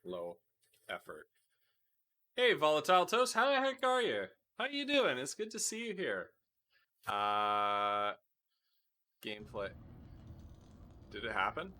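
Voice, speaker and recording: A man's voice: mid-range voice, huge pitch swings, slow, pauses often, bright, forceful tone. A man streaming a tabletop game, joking around, laughing and talking to his chat. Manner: joking, giggly, talks to chat. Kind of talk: casual live-stream chat.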